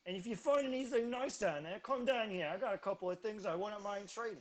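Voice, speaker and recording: A huge, good-natured half-ogre greets travellers with cheery chatter and a put-on accent, as a man puts him on. The voice sits higher and louder than the speaker's everyday talk. He rattles on about trades and directions like a friendly neighbour. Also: quick pace, close to an everyday voice. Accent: mock British then New Jersey put-on. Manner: cheery, chatty, calls people mate.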